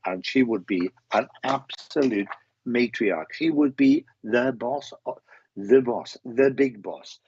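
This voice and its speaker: A Welsh man with a husky, slightly muffled voice, sounding dry and close to the mic. He gives live readings with halting speech, repeating words and restarting his sentences. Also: mid-range voice, a little mellow, dry recording. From Wales. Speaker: medium giving live readings. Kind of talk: live-stream readings to viewers.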